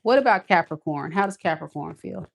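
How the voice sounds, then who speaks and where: Woman tarot reader, casual monologue, emphatic and sassy, a bit low. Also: expressive, fairly quick, gravelly.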